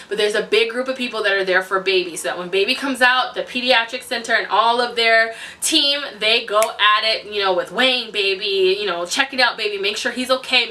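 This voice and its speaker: A young woman casually telling a personal story to camera, animated and quick to laugh, acting out the voices of people she quotes. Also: far from the mic. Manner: animated, acts out quotes with big pitch swings, laughs often. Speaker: vlogger.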